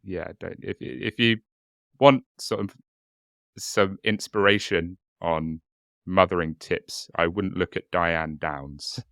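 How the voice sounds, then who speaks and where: A man's voice: deep voice, slow pace, vocal fry, fairly bright tone, dry recording, clean studio sound. A young man co-hosting a casual podcast, swearing and repeating words as he narrates a case. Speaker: podcast co-host.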